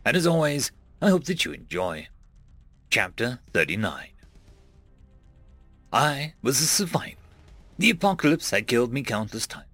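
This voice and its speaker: A man narrating a web serial in first person, dramatic and expressive, dropping to a hush at pauses. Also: mid-range voice, dry recording, faint music behind. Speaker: audiobook narrator.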